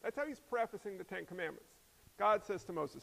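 A pastor with a fairly high voice delivers his sermon in a relaxed, conversational way. He slips light humorous asides in between points. His voice rings out with long reverb in a hall. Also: brisk, creaky.

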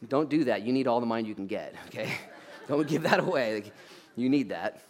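Brisk and medium-pitched, this pastor preaches in a chatty, joking, animated way. He keeps punctuating his points with "okay?" and breaks off into loud, acted-out asides during the sermon.

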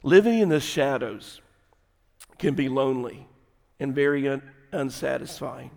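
A middle-aged man preaching a sermon, folksy and animated, dropping at times to a quiet, intimate tone. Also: mid-range voice, unhurried, gravelly. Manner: folksy, animated storytelling with sudden drops to quiet, intimate delivery. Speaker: pastor. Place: large church sanctuary. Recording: long hall reverb.

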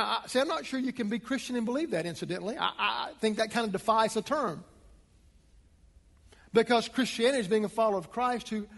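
A man preaching a sermon as a pastor, speaking emphatically and building to forceful points. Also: long reverb tail. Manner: emphatic, rising to a preaching pitch.

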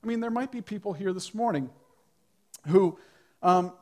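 A man's voice: high-pitched, moderate pace. A male pastor preaching a sermon to a church congregation, telling a story in a conversational way with light humor.

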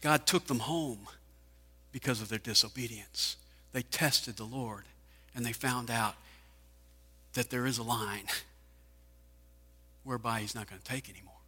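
A man's voice: mid-range voice, measured pace, long pauses, pushed and bright, slightly rough. A man preaching a sermon, firing off rhetorical questions with emphasis. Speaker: pastor. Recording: hall reverb.

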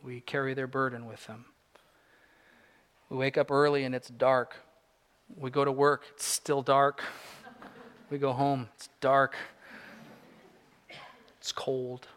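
A man's voice: mid-range voice, level tone, slow, pauses often. Earnest man preaching a sermon. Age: 40s. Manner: earnest, swings between soft reflection and rising emphasis. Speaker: pastor.

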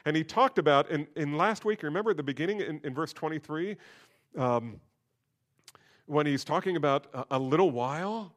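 A pastor preaches a sermon at normal speed, shifting between quiet, low asides and loud, emphatic bursts. He acts out quoted voices in a conversational way.

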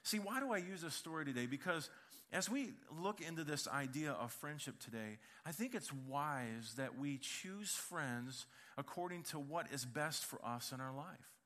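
A middle-aged man preaching a sermon, telling funny family stories in an animated, joking way. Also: fairly high pitch, normal speed. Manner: animated storytelling with humor. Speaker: pastor.

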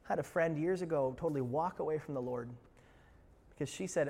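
Animated preacher in a reverberant hall. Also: male voice, on the high side, fairly quick, husky. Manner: animated, rising loud for quotes and emphasis; asides to the congregation, joking. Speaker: pastor. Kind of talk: sermon.

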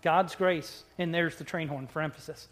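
Pastor mid-sermon, medium pitch, emphatic, stretches words out, with playful asides to the congregation. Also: steady tone, soft background music. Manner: emphatic, with drawn-out words and sudden loud bursts.

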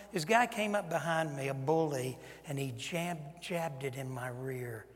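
A man from Mississippi with a Southern accent preaches in a high, bright-edged voice. He drops into hushed, folksy storytelling and then climbs into loud, emphatic preaching. The sound carries a long reverb from a large church hall. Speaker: pastor. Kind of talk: sermon.

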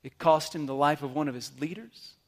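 A man preaching a sermon, animated, swinging between loud emphatic bursts and quiet asides. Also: on the high side, fairly quick. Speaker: pastor.

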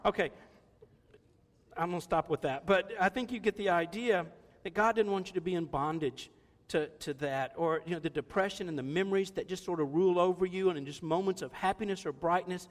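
A man's voice: high voice, fast talker, fairly bright tone, long reverb tail. A man in his sixties preaching a sermon in a conversational, joking way, laughing often. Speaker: pastor.

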